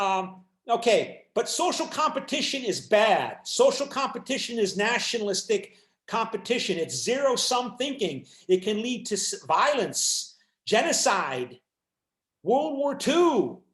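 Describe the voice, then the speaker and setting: A man giving a university lecture, lively and halting, with many restarts and fillers, often acting out voices for the people he describes. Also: high-pitched. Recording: roomy echo.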